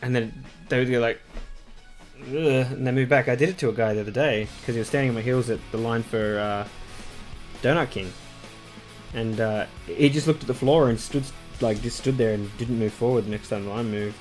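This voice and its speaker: A man's voice: medium pitch, brisk, faint music behind. A man chatting casually on a livestream while painting a model, loose and sweary, reading chat messages aloud and answering them.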